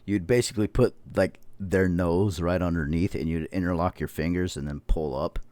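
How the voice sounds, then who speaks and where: A man's voice: low voice, steady tone, normal speed, darkish tone, clean tone. A man in his thirties, a podcast host, telling rambling stories in casual chat and swearing often. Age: 30s. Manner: rambling storytelling, heavy swearing.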